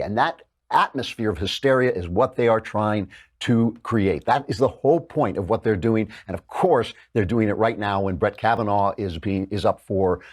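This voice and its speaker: A man hosting a political talk show, delivering sarcastic, mocking commentary. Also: on the low side. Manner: sardonic, mocking, lively.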